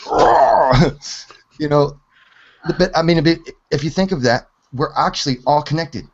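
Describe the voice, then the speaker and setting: This hangout participant is a man in his forties with a fairly high voice and an ordinary pace. He wanders through physics theories in a relaxed way, swearing and laughing frequently, and the audio has its high frequencies cut off.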